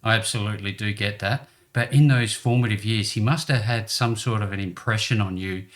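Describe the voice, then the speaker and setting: A man's voice: fairly low pitch, steady tone, fairly quick. A man hosting a business interview show, encouraging his guest and laughing along with him. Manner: warm, encouraging, laughs often. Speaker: host.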